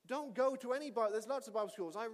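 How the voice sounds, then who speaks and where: Male pastor, high voice, animated storytelling sermon, long hall reverb. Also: fast talker. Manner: animated storytelling, shouting at climaxes.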